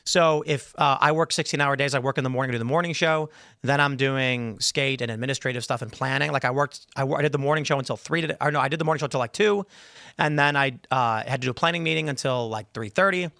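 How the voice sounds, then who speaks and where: A man in his thirties hosting a casual talk show, rambling and animated as he reads chat questions and mimics AI replies. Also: mid-range voice, quick pace, creaky, no room sound, studio quality. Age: 30s. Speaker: podcast host.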